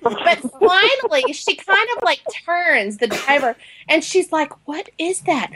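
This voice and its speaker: A woman co-hosting a casual chat, telling a story in an animated way with lots of "like". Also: extremely high pitch, measured pace, slight background noise. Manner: animated storyteller, heavy use of "like".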